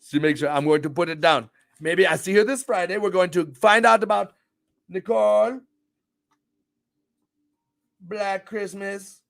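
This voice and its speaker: High-voiced gravelly man hosting a stream. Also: unhurried, pauses often. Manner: upbeat, swings into loud excited shout-outs. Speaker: livestream show host. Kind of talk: casual livestream chat, greeting viewers.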